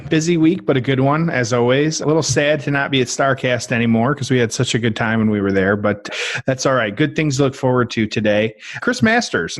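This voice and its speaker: A man co-hosting a wrestling podcast, relaxed as he runs through the show's plugs. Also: on the high side, no echo. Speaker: podcast co-host. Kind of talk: casual podcast chat.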